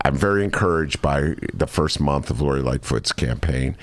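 A man's voice: moderate pace, no room sound. A man hosting a talk show, chatting casually and jokily about city politics. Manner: animated, jokey, slips into mocking high voices. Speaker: radio talk show host.

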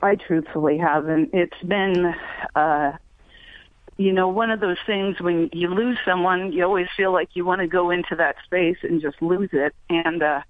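A woman calling in to an advice show, talking haltingly and emotionally with many pauses. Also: on the low side, steady tone, no echo. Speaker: caller. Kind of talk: call-in conversation. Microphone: phone. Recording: phone line.

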